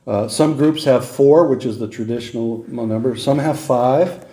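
Mellow-voiced male preacher in echoey room. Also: medium pitch, a little hiss or hum. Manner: deliberate teaching, repeats key points for emphasis. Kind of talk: sermon.

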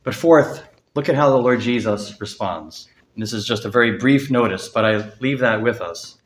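A man preaching a sermon, earnest, lifting his voice for emphasis and dropping soft on key words. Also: medium pitch, moderate pace. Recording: echoey room.

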